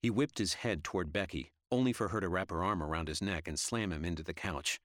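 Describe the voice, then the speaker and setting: A man reads a gritty novel aloud in a steady, measured way. His voice sits very low, and the recording is close and dry with no room sound. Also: no echo. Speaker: audiobook narrator. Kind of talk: scripted narration.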